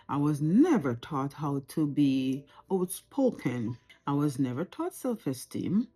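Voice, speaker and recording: Jamaican woman, forties, mellow and warm tone, unscripted reflective to-camera talk from home. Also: deep voice, slightly rough. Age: 40s. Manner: reflective, earnest, repeats phrases for emphasis. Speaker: vlogger.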